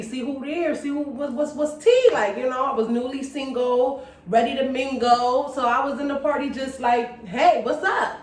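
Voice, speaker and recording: A woman co-hosting a couple's channel, telling a story in a playful, lively, slangy way. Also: high-pitched. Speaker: co-host. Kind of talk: casual storytelling. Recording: echoey room, far from the mic.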